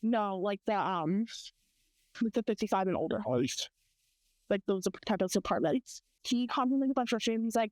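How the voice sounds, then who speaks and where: A woman's voice: medium pitch, lively intonation, normal speed, darkish tone, no echo. A young American woman co-hosting a casual chat, telling rambling, profane stories full of quoted voices. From United States. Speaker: podcast co-host.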